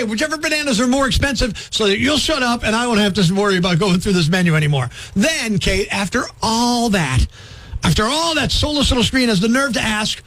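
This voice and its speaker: A male radio morning show host doing comedic talk, ranting in an animated, exasperated way with sarcastic asides, in a studio. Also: very high-pitched, fast.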